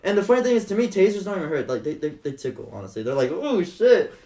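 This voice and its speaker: A man tells a rowdy story in casual chat, his voice sitting a bit high. He curses freely and acts out every quote. The room rings with echo. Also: rapid-fire. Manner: animated, swearing, acts out quotes. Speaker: podcast guest.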